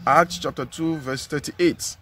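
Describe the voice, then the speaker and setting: A man's voice: on the high side, steady tone, measured pace, bright, forceful tone, a little hiss or hum. A man with a Nigerian English accent preaching a sermon outdoors, earnest and emphatic, repeating his phrases.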